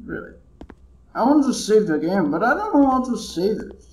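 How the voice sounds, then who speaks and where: A man's voice: high-pitched, big pitch swings, normal speed, a little mellow, roomy sound, low-quality recording. A man commentating his own horror gameplay, jumpy and muttering curses to himself. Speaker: gamer playing a horror game.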